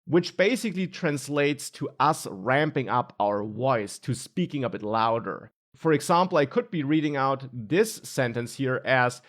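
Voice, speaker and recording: A man teaching a screen-recorded web coding tutorial, explaining step by step with stressed key words. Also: fairly high pitch. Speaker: coding instructor.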